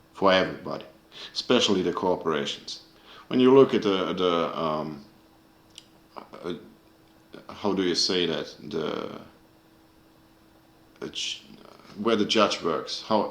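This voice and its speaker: Deep-voiced man ranting angrily, echoey room. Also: gravelly, a bit bright. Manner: angry, profane, searching for words. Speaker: video creator. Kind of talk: casual rant to camera.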